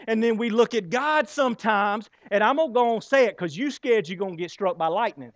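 High-voiced man preaching a sermon. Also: highs cut off. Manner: preaching with dramatic pauses and rhetorical questions. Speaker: pastor.

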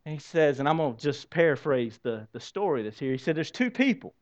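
A man preaching a sermon as pastor, swinging from loud exclamations to hushed, drawn-out lines. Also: mid-range voice, dull audio.

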